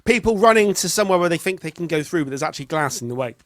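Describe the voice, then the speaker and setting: A man's voice: a little high, expressive, rapid-fire, a bit bright, no room sound, studio quality. A man co-hosting a podcast, chatty and rambling in casual chat. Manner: chatty, rambling, self-interrupting. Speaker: podcast co-host.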